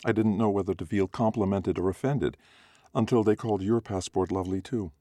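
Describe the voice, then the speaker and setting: A man's voice: fairly low pitch, steady tone, a little fast, dark tone, no room sound, clean studio sound, voice pushed up, close to an everyday voice. A man voicing a fanciful young Greek-American woman with an earnest, polite manner, in a storybook reading.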